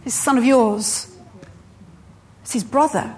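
A woman preacher delivering a sermon in a high voice. She takes her time, leaning on each phrase and repeating lines for emphasis. Her pace is slow and deliberate throughout.

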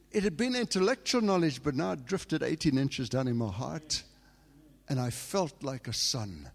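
A man's voice: fairly high pitch, expressive, moderate pace. Man preaching in an echoing hall. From England. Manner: storytelling, swings from hushed to shouting. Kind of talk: sermon with personal testimony.

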